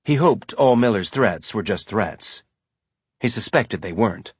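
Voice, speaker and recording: A man giving measured, scripted audiobook narration. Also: on the low side, animated, slightly rough, dry recording.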